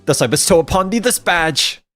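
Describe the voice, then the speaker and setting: Man putting on a heroic young woman knight, lofty archaic speech, lively swoops. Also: fairly high pitch, fairly quick, pitched above the performer's own voice. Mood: grandiose. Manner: grandiose old-fashioned declaiming. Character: gallant archaic-speaking young female knight. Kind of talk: reading game dialogue aloud.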